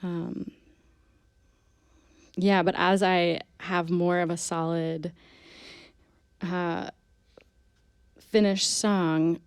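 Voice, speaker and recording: A woman musician chatting as a radio guest, soft-spoken and hesitant, with many ums and small laughs. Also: on the low side, flat delivery, extremely slow, long pauses, smooth, no room sound, clean studio sound. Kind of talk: casual radio interview chat. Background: guitar.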